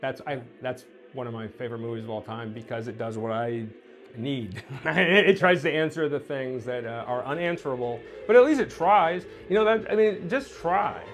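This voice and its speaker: A man hosting a casual interview, joking and animated, swinging between loud bursts and mumbled asides. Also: mid-range voice, moderate pace, soft background music. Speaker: host.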